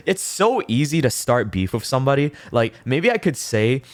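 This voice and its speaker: A man's voice: medium pitch, very animated, normal speed, no room sound. A young man streaming from home into a close desk mic, chatting casually with his viewers in a rambling way, with laughs and swearing. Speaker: VTuber streamer. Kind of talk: casual livestream chat reading confessions.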